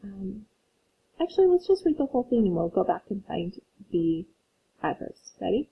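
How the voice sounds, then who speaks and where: A woman's voice: mid-range voice, big pitch swings, creaky, husky. A woman teacher giving a phonics lesson to children, patiently reading a story aloud and explaining syllables. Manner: slow, patient, reads aloud to young learners. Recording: tinny phone-like audio.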